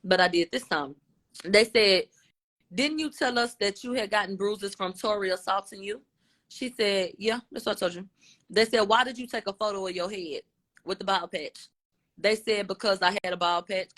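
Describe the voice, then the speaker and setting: A woman's voice: fairly low pitch, fairly bright tone. Casual woman recapping testimony aloud. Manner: retells testimony, voicing both sides; informal, blunt, with slang. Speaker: commentator.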